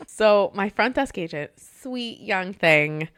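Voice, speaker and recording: A woman's voice: medium pitch, slow, smooth, no echo, studio quality. A woman co-hosting a podcast, telling a hotel front-desk story and acting out the dialogue. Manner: animated, acts out dialogue in her stories. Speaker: podcast co-host, hotel manager. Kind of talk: casual storytelling chat.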